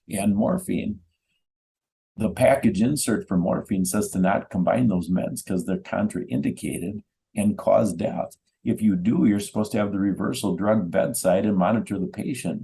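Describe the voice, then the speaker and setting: A middle-aged man with a gravelly, fry-laden voice, testifying in a radio interview. His tone is dark and mellow, and he lays out times and doses methodically. He speaks earnestly and insistently. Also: lowish voice, low-quality recording. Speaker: guest, bereaved father.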